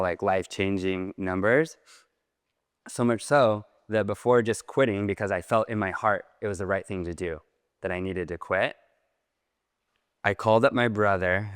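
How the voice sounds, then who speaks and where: A man tells a personal story to a crowd in a large hall, animated and packed with casual fillers. His voice sits on the low side and comes through smooth and resonant. A long hall reverb trails behind his words. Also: clean studio sound. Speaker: speaker. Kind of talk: storytelling talk.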